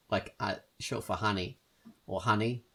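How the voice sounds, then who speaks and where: A man's voice: lowish voice, big pitch swings, slow pace, breathy edge. A man from Canada hosting a podcast, chatting playfully and teasing his co-host. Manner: playful, teasing, puts on silly voices. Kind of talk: casual chat.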